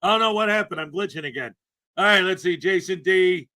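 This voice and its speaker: A man from Canada hosting a casual morning livestream, greeting viewers by name with loud, upbeat enthusiasm and a slightly rough throat. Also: high-pitched, brisk, heavy background noise. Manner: upbeat, greeting chat names with shouted enthusiasm. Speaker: livestream host.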